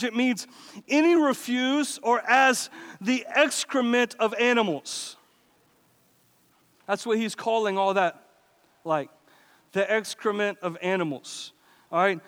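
A pastor delivers his sermon in an easygoing, conversational manner, often breaking off into asides. He is a man with a high-pitched voice. His words ring out with the long reverb of a church hall. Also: fairly bright tone. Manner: casual, conversational preaching with asides and laughs. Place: church sanctuary.

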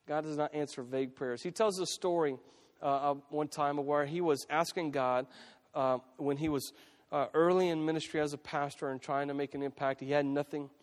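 Man pastor, a touch high-pitched, preaching casually with restarts, recorded in a reverberant church hall. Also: steady tone, moderate pace. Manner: conversational preaching, frequent restarts and repeated phrases. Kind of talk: sermon. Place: church sanctuary.

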